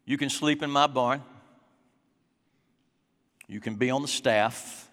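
A man voicing a cold, stern father who scorns his son, low and quiet, with long reverb from a large hall. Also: takes it slowly. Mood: cold, scornful.

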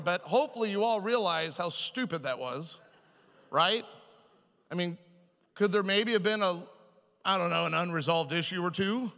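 Animated man preaching in a reverberant hall. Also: on the high side. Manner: animated, self-mocking, quick shifts into quoted voices. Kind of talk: humorous sermon storytelling.

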